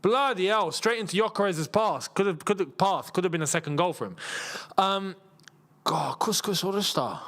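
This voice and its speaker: A young man from England hosting a live football watchalong, reacting loudly to the match and chatting with viewers. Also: sits high, lively intonation, normal speed. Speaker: football channel host. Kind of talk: live watchalong commentary and chat.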